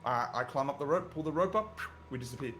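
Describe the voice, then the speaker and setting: A man's voice: medium pitch, fast talker, a bit bright, slight background noise. A man playing in a tabletop game, eager and stammering as he explains his moves. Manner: eager, stammering restarts, laughing. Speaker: player. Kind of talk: casual tabletop play.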